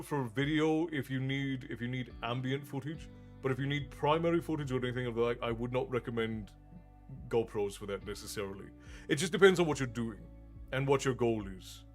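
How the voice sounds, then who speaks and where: Chatty streamer, faint Newfoundland trace. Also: male voice, mid-range voice. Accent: Americanized with Newfoundland traces. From Newfoundland, Canada. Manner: pauses to think, frequent restarts. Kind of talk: casual chat with live chat.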